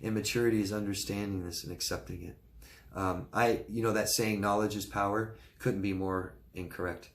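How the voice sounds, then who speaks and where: A man's voice: on the low side, fairly even intonation, normal speed. A male life coach giving advice in a live question-and-answer talk, speaking earnestly and informally, often checking in with "right?" and restarting his words.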